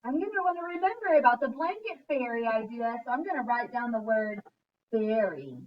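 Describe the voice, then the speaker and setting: Female primary teacher, clear and encouraging, slightly high, muffled and set back from the mic. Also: lively intonation, distant mic, a little hiss or hum. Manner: slow, clear and encouraging, sounding out words. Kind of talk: early-grade writing lesson.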